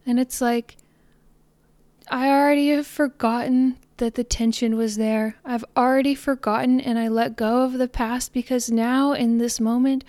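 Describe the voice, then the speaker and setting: A woman giving a reflective spiritual talk in a soft, earnest, meditative way, sometimes slowing and fading to near-whispers. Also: fairly high pitch, little pitch movement, dry recording. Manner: soft, slows down and trails off into near-whispers on repeated phrases. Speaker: spiritual podcaster.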